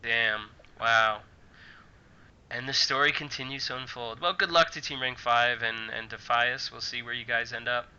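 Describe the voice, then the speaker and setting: A gravelly man with a sharp, forceful tone hosts a casual league show. He is from New York and jokes and laughs easily while giving results. The audio sounds dull and lo-fi. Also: medium pitch, fairly even intonation, normal speed. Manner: jokey, laughs easily, gives results and sign-offs. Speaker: host of a card game league show. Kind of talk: casual chat.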